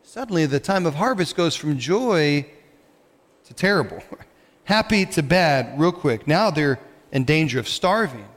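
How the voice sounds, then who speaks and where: A male pastor delivers a sermon in a church sanctuary, his slightly high voice carrying a long hall reverb. He talks in a conversational way and tosses questions out to the congregation. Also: lively intonation, measured pace.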